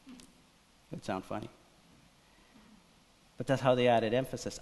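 A pastor preaching a sermon in an animated style, swinging between loud emphasis and quiet asides. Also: male voice, mid-range voice, measured pace, long pauses, in a large hall. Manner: animated preaching, acts out voices of biblical figures.

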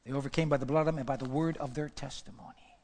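An older man preaching a sermon, repeating phrases and building to shouted peaks. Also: mid-range voice, fairly even intonation, very fast. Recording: long hall reverb.

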